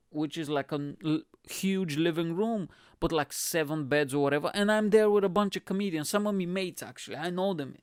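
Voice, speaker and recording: A man's voice: fairly high pitch, no echo. Young male comedian from Bulgaria, podcast host, rambling slangy storyteller; clean, resonant voice, close and dry. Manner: loose, slangy, says "bro" and "like" a lot. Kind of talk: casual storytelling monologue.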